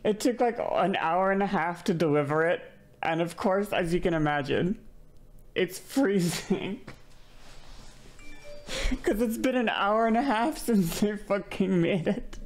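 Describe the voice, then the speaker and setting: A woman's voice: mid-range voice, lively intonation, unhurried. A woman streamer in casual live-stream chat, exasperated and swearing as she vents. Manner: exasperated, swearing, venting loudly.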